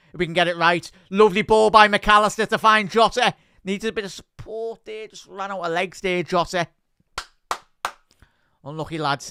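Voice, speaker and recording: A man hosting a live football watch-along, giving chatty fan commentary, answering viewer chat and shouting out at big moments. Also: fairly high pitch, smooth, no echo, clean studio sound.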